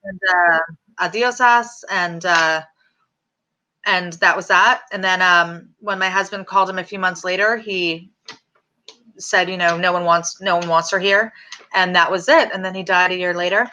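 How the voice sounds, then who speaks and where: A middle-aged woman talks through a personal story as an interview guest. Her voice sits low yet sounds bright and forceful, and she stops and restarts often, filling gaps with ums and uhs. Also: steady tone. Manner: halting, many fillers and restarts.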